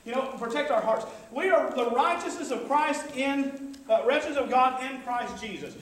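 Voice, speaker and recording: A man's voice: very high-pitched, normal speed, fairly bright tone, far from the mic. A man preaching a sermon as pastor, talking in a conversational way with call-and-response asides to the congregation. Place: church sanctuary. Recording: echoey church hall, mic from afar.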